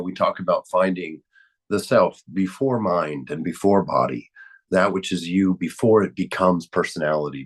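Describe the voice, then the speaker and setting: A man with a Southern accent and a raspy voice from a chest cold, leading a spiritual study talk in a halting, repetitive way. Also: deep voice. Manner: halting, repeats words, chuckles often. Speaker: spiritual study group leader. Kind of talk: casual spiritual teaching talk.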